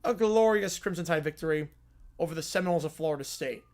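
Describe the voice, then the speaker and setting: A man's voice: a little high, fast talker, lightly acted. A man voicing a sleazy, bumbling cartoon lawyer who speaks in pompous courtroom style.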